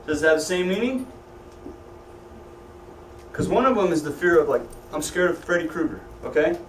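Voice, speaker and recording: A man leads a Sunday school class with lively, joking energy and keeps asking his students questions. His voice sits high for a man. He is recorded from some distance in a roomy, echoey church classroom. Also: moderate pace, slight background noise. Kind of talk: teaching a Bible class.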